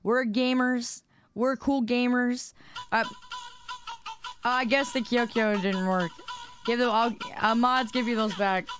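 A woman streamer, slightly hoarse, chatting casually and teasing her viewers, often stammering and repeating words. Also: a little high, steady tone, takes it slowly, long pauses. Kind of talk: casual live-stream chat. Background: background music.

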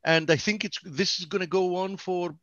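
Greek-born male analyst, halting and opinionated, dull dry call sound. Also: high-pitched, steady tone, fairly bright tone, no room sound. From Greece. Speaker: market analyst, co-host. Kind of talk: casual market commentary. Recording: dull, dry webinar audio.

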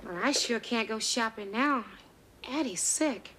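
A woman's voice: on the high side, sharp tone, a little hiss or hum. A brassy, meddling woman. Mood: fussing. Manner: bossy, teasing, quick banter. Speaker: sitcom lead. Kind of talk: sitcom acting. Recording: studio audience laughter.

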